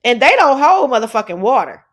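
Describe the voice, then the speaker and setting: Blunt, animated woman livestream host. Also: on the high side, fairly quick. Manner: animated, blunt, swears freely, drawls "child" and "y'all". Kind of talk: casual live commentary, reading chat.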